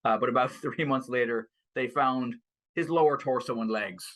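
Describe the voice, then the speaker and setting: A man's voice: medium pitch, normal speed, a bit bright. Chuckling male podcast co-host. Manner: chuckling, many fillers and restarts. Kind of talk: casual chat.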